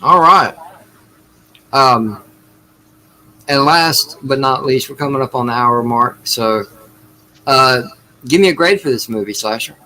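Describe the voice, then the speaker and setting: A man's voice: mid-range voice, a little slow, pauses often, pushed and bright, low-quality recording. A man co-hosting a casual movie review chat, joking and sarcastic, swearing freely. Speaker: podcast co-host.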